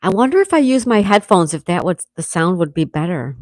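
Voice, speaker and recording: A congested woman hosting a relaxed livestream at home, chatting and reading out viewers' comments. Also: fairly low pitch, a little fast, no echo. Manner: relaxed, chatty, laughs often. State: congested, coughing. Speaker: livestream host.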